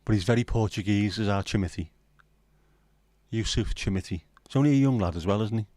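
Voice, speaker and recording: This middle-aged host keeps things casual on his late-night home livestream, swearing and rambling while bantering with chat. His fairly low, mellow voice moves briskly, and the recording is dry.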